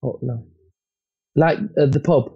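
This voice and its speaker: A man's voice: medium pitch, a little slow, vocal fry, slightly rough, lo-fi sound. A man with a northern English accent, a guest chatting playfully in a casual interview and laughing often. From northern England. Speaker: guest, comedy content creator.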